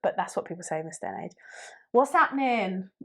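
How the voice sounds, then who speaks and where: A woman's voice: low-pitched, very animated, racing, gravelly, darkish tone. A woman in her thirties from Britain, co-hosting a podcast in casual chat and explaining slang with playful acted-out examples. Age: 30s. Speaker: podcast co-host.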